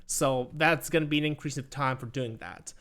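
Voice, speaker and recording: A man's voice: mid-range voice, moderate pace, a bit bright. A man casting an esports tournament, walking through results with small self-deprecating jokes. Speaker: esports caster. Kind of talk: tournament commentary.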